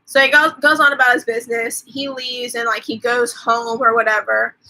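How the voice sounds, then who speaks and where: Bright-voiced woman recapping a movie casually. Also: a little high, little pitch movement, moderate pace, rough recording. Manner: rambling storytelling with many fillers and quoted dialogue; casual, swears freely. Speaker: host.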